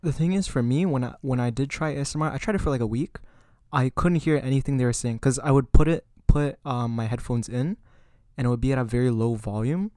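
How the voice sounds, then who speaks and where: A man's voice: mid-range voice, fast talker, mellow, no room sound. Chatty young man, dry close sound. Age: young adult. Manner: chatty, leans on filler "like". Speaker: student podcast co-host. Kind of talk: casual chat. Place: student residence room.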